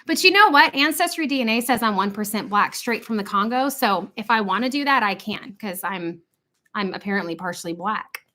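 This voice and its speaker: A middle-aged woman hosting a casual livestream chat from home, animated and jokey, quick to slip into funny voices. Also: mid-range voice. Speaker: livestream host.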